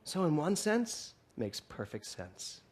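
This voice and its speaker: This preacher's voice is on the high side, a little mellow and slightly rough, and though very animated he takes his time. Addressing a hall congregation through a stage mic, the minister delivers his sermon as playful, humorous storytelling with acted-out dialogue.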